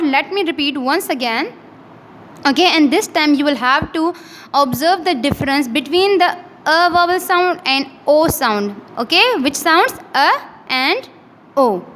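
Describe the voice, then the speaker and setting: A high-pitched woman with a Pakistani accent delivers an English lesson, sounding out words one at a time with patient care. Her voice trails off in a long, hall-like reverb. A faint hiss sits underneath. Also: a bit bright. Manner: slow, repeats each word in careful drills, patient and instructive. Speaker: English teacher. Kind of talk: online classroom lecture.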